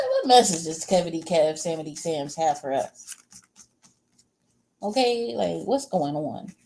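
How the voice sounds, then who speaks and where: A woman's voice: on the low side, a little mellow, slight background noise. A woman giving a casual livestream tarot reading. She rambles, answers viewer comments, and talks bluntly and crudely, with frequent chuckles between remarks. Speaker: tarot reader.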